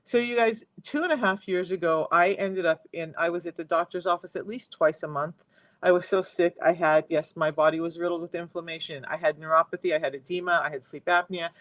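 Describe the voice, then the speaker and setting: A man working as a health coach, talking chattily and emphatically straight to viewers in a live-stream sales pitch mixed with personal testimony, into a close phone mic. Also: fairly even intonation, brisk, fairly bright tone, no echo.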